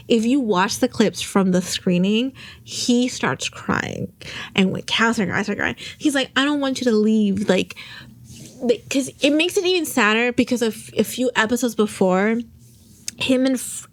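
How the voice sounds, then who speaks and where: A young woman hosting a podcast, recapping a drama in casual chat, rambling and emotional, close to tears at times. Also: a little high. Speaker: podcast host.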